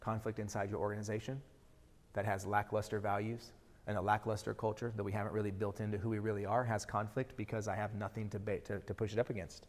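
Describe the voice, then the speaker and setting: A middle-aged man giving a motivational keynote speech, energetic and throwing rhetorical questions at the audience. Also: fairly low pitch, quick pace. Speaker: keynote speaker. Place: large event hall. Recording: hall reverb from a live event.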